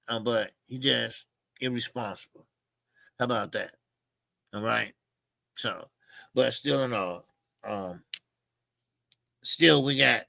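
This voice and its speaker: A man with a high, gravelly voice, bright and edgy, hosting his own boxing show. He spins gossip casually, bursting into shouted quotes as he acts out what people said. The sound is close and dry, with no room around him. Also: no echo. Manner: animated, acts out quotes with loud outbursts. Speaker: boxing channel host. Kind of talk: casual storytelling commentary.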